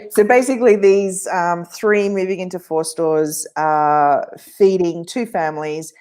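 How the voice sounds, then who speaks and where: A woman hosting an interview, asking relaxed questions and giving short acknowledgements. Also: fairly low pitch, measured pace. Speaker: interviewer, host.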